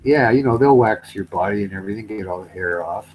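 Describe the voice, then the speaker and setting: A man's voice: fairly low pitch, fast, crowd noise, poor audio. A man on a casual comedy chat show who tells rambling stories and swears freely. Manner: rambling storyteller, swears and acts out quotes.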